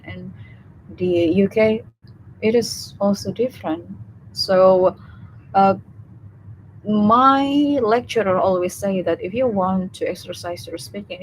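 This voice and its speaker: Young woman, Indonesian accent, unhurried delivery, halting with lots of fillers, faint background hiss. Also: medium pitch, low-quality recording. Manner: hesitant, many fillers and restarts. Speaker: student speaker on a live session. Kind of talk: casual live talk.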